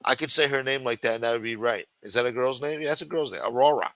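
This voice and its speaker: A man with a bright, forceful voice reads news stories aloud and tears into them with crude, mocking asides. His delivery is sarcastic and full of profanity. The sound is close and dry, with no room around it. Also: mid-range voice, fast, no room sound, poor audio. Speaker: livestream show host. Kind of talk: reading news articles aloud with commentary.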